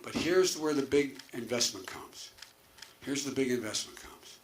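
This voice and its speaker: Older man, political candidate, earnest, restarts often, trailing asides, mid-pitched voice. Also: measured pace. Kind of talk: debate answer.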